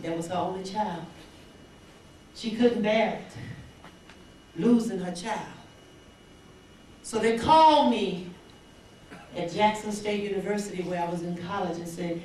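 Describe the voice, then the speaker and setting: A woman's voice: mid-range voice, measured pace, long pauses, a little hiss or hum. Older woman telling a story in an echoey hall. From Mississippi Delta. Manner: animated storyteller who acts out dialogue. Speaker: banquet speaker. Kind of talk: inspirational storytelling speech. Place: large banquet hall. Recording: echoey hall recorded from far off.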